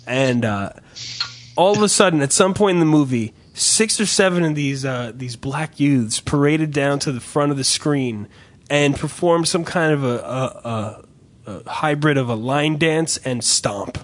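A man telling a story in casual chat, profane and animated. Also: a little high, unhurried.

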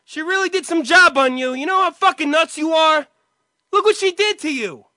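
Casting note: man playing an enraged shrill brother, sharp and lively, dry sound. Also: moderate pace, dry recording, heavily acted. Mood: furious. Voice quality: shouting, high and strained. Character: enraged man shouting at his brother in a film scene.

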